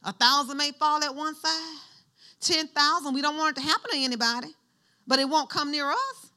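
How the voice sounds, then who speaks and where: A woman's voice: high-pitched, brisk, bright, forceful tone. A woman pastor preaching a sermon in church, using call-and-response and having the congregation finish her lines.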